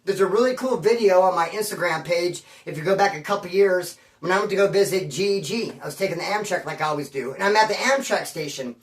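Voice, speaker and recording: A man telling a story in a rambling, slangy, animated way, recorded in a room at his home. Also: high voice, fast talker, few pauses. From Bakersfield area. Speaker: storyteller on his own channel. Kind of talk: casual storytelling. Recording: roomy, mic at a distance.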